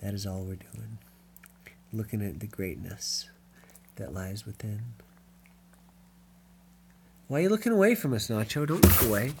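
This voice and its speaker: A woman's voice: a bass voice, lively intonation, unhurried, long pauses, background noise. A woman hosting a casual live stream, chatting to her viewers and talking to her small dog by turns.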